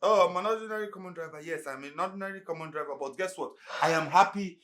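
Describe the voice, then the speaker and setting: A man's voice: high voice, fast talker. An actor with a Nigerian accent playing a proud young driver who lectures his boss bluntly. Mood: boastful. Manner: lecturing, scolding loudly. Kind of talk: Nollywood film acting.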